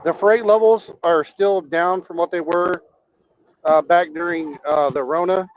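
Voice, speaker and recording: A man's voice: sits high, fairly even intonation, measured pace. A man who drives for a living, explaining things in a matter-of-fact way during a casual group call. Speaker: truck driver. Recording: dull lo-fi call audio.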